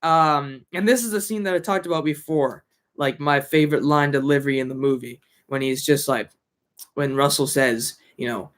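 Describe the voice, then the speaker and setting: A man with a somewhat high voice talks through a film in a loose, casual way. He rambles, restarts his sentences and fills the gaps with fillers. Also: normal speed, fairly bright tone. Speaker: film reviewer. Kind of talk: casual chat.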